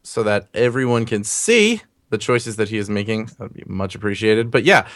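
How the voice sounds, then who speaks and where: Tired male caster with a bright voice. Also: fairly low pitch, animated, normal speed. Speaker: co-host and esports caster. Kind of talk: casual gaming show chat. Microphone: video call.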